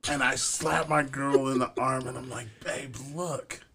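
A man's voice: medium pitch, little pitch movement, normal speed, gravelly, sharp tone, slight background noise. A man hosting a podcast, telling a profane story animatedly in casual chat. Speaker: podcast host.

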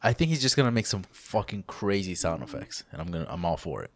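A man's voice: low-pitched, very animated, fast, no echo, clean studio sound. A man co-hosting a casual gaming podcast, laid-back and curious. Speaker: podcast co-host. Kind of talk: casual gaming news chat.

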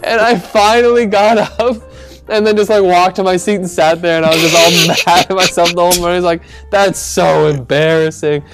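A man's voice: high-pitched, level tone, fairly quick, loud music behind the voice. Rambling young man telling a mishap. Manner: rambling, self-mocking, laughs a lot, many "like"s. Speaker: podcast co-host. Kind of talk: casual storytelling chat.

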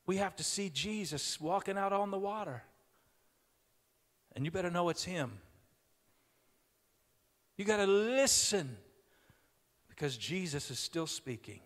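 A middle-aged man preaching a sermon as a pastor in a church, moving from storytelling to loud, emphatic preaching. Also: sits high, animated, a little slow, pauses often. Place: church sanctuary. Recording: long hall reverb.

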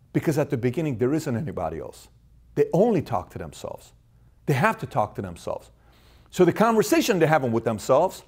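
Fast-talking man giving a business talk. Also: mid-range voice, a little mellow. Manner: emphatic, acts out quoted inner voices. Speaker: host. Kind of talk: motivational talk to camera.

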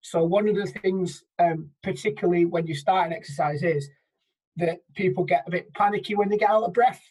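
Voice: mid-range voice, a little fast, darkish tone, breathy edge, low-quality recording. A person co-hosting a casual podcast, thinking aloud with hesitant restarts.

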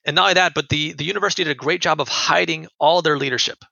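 A man's voice: fairly high pitch, racing, vocal fry, bright, forceful tone, dry recording. A young man earnestly telling a personal story in conversation, often repeating his words. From United States. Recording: dull lo-fi dry sound.

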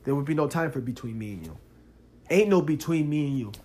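Man, young adult, podcast host, casual monologue, animated, fairly high voice. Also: a little fast. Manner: animated, talks straight to the listener, rising loud when worked up.

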